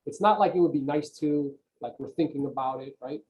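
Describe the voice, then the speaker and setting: A real estate coach, a guest on a video call, gives an emphatic motivational talk and keeps checking in with "right?". His voice is a little high and mellow, fairly quick, and the recording quality is low.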